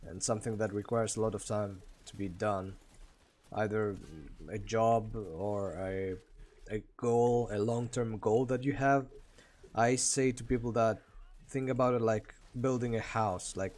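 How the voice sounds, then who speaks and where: A man's voice: on the low side, darkish tone. A man from Greece with a Greek accent, chatting casually and laughing often while streaming a game and answering chat.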